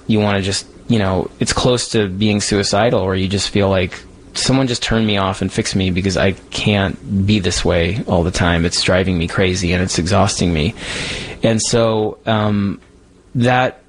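A man, a guest writer, speaking openly in an interview with halting restarts. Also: deep voice, low-quality recording. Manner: open, halting, many restarts. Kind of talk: interview conversation. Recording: music playing underneath.

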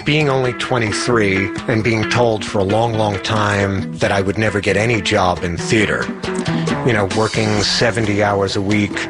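A man with a fairly low voice tells a personal story with wry, self-mocking humor, acting out the people he quotes. Music plays clearly beneath his voice throughout the recording. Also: steady tone, moderate pace.

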